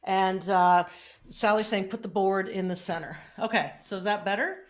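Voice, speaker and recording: A middle-aged woman with a mid-range voice speaks at normal speed during a casual Facebook Live training on online business. She's chatty and cheerful while tinkering with her home setup, and her desk mic shifts around over the stream.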